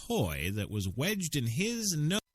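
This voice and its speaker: A man's voice: a little high, wildly swooping pitch, takes it slowly, noisy background. A male radio host reading quirky news stories in a mock-pompous, joking way. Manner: mock-pompous, laughing between items. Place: radio studio.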